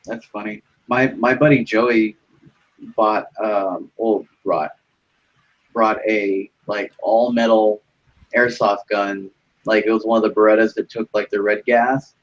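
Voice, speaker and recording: A man's voice: fairly low pitch, fairly even intonation, a little slow, highs cut off. A young man rambling through a story in casual chat, full of fillers and swearing.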